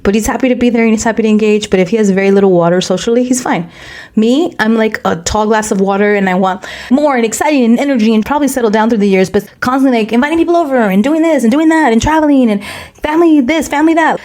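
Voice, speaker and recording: Woman, rapid-fire talker, podcast co-host, casual chat, acts out quotes, slips into Spanish phrases. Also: a little high. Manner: fast, animated storytelling, mixing Spanish phrases into English; acts out quoted dialogue in a raised voice.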